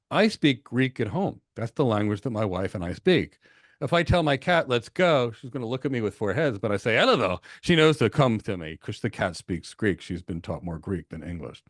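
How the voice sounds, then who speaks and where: An American man hosting a live question session, talking in an animated, encouraging way and telling stories. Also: fairly low pitch, normal speed, no echo, clean studio sound. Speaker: host and instructor. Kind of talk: live Q&A webinar.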